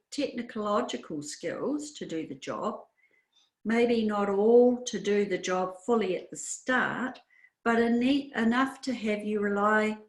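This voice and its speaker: A woman with an Australian accent, a career adviser narrating a slide show in a clear, measured advisory manner. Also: medium pitch, echoey room, rough recording.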